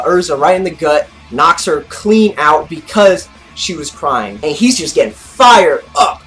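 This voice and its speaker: Man anime review host, fairly high voice, excitable recap full of "like"s, faint music underneath. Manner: excitable, heavy use of "like"; gestures with his arms while talking. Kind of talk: casual episode recap.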